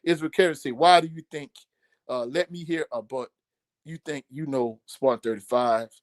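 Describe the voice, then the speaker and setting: A man hosts a relaxed sports live stream, reading out viewer comments and chuckling often. His voice sits a little high for a man. The sound is close and dry, with no room around it. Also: moderate pace, dry recording. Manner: laid-back, laughs often, many fillers. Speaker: sports show host.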